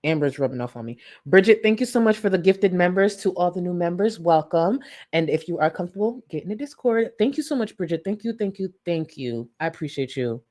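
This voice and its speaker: A woman hosting a live-stream commentary, incredulous and animated, thanking viewers for donations between points. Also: lowish voice, brisk. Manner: animated, incredulous, thanks chat donors warmly. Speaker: commentary YouTuber.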